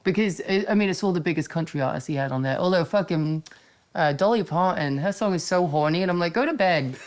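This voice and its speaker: A woman in her thirties hosting a podcast, telling wild stories in casual, profane chat and acting out shouted quotes. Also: lowish voice, quick pace. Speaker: podcast host.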